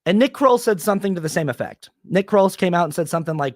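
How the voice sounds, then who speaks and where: A young man talking casually on his solo podcast, rambling with many fillers and restarts, and turning animated when he quotes people. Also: high voice, fast, no room sound, studio quality. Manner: animated when quoting others. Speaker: podcast host.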